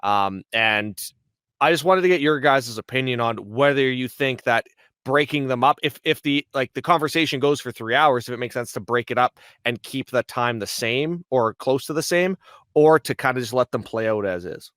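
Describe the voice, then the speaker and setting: A man's voice: mid-range voice, normal speed, fairly bright tone, smooth, no echo, studio quality. A man who makes a podcast, asking a question hesitantly and filling his speech with ums and uhs. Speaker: podcaster and guest.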